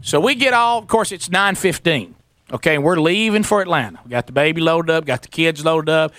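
Male radio host, animated storyteller, bright tone, dry studio sound. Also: fairly high pitch, a little fast, no room sound. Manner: animated storyteller, acts out voices.

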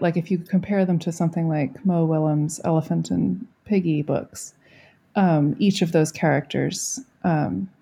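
A woman's voice: sits low, vocal fry, dark tone. A woman co-hosting a casual book discussion, speaking thoughtfully and hesitantly with many fillers.

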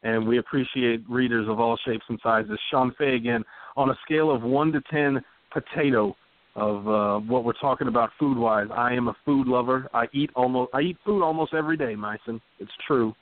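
A man's voice: mid-range voice, moderate pace. A man co-hosting a casual podcast, joking around and reading out listener questions. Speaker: podcast co-host. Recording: dry, phone-like sound.

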